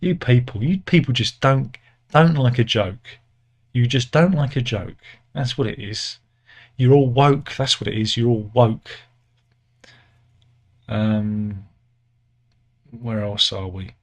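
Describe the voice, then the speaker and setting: A man's voice: medium pitch, slow, long pauses. Sardonic rambling British man. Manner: rambling, sardonic, self-correcting with many fillers. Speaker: satirical news commentator. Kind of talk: casual satirical monologue.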